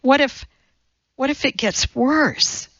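A woman's voice: expressive, measured pace, gravelly, fairly bright tone, no room sound, highs cut off. A woman voicing an anxious, self-doubting young mother who talks hesitantly and pleads. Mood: desperate. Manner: hesitant, pleading, raised pitch.

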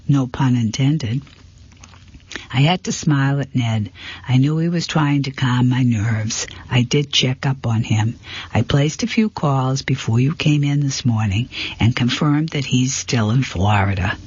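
A man narrating a first-person mystery story in a steady, plain manner, on a dull, lo-fi recording. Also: medium pitch, a little slow, husky, dry recording. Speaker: audiobook narrator. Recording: dull, lo-fi, dry.

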